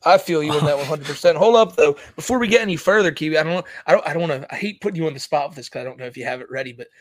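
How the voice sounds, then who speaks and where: Rambling, profane higher-voiced man. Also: rapid-fire, dry recording. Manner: rambling, profane, restarts a lot. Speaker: co-host of a parody stream show. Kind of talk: casual stream banter.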